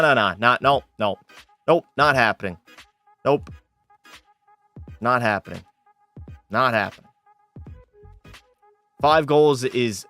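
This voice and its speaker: A young gaming streamer plays a hockey game live, chatting with viewers and getting worked up over the play with casual swearing and frustrated outbursts. His mid-range voice has a fairly bright, clean tone.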